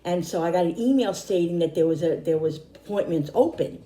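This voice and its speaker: A middle-aged woman talks to her viewers in a loose, rambling way, circling back over the same points. Her voice is low, mellow and a little hoarse, and she sounds tired. The sound is echoey, as if she is recording in a bare room. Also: brisk. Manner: rambling, repeating herself. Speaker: vlogger. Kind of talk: casual chat to camera.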